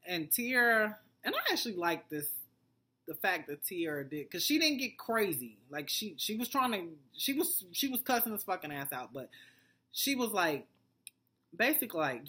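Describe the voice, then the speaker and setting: A woman's voice: lowish voice, big pitch swings, moderate pace, sharp tone. A woman vlogger giving a blunt, profane, rambling recap of a TV episode. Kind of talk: casual TV recap commentary.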